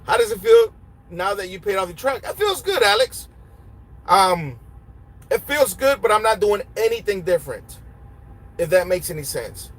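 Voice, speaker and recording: A man's voice: high voice, very animated, moderate pace, rough recording. A young male truck driver and trainer from Honduras with a Honduran Spanish accent, answering viewer questions in a casual, blunt way and switching between English and Spanish. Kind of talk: casual live Q&A, reading chat aloud. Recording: loud road and engine hum.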